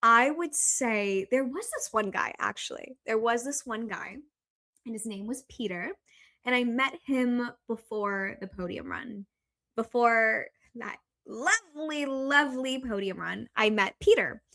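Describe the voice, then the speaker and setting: A young woman tells a story as a guest in a casual podcast chat. Her voice is bright and sits a little high. She talks in a loose, profane way and fills her sentences with "like" and "okay.". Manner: chatty and profane, full of "like" and "okay".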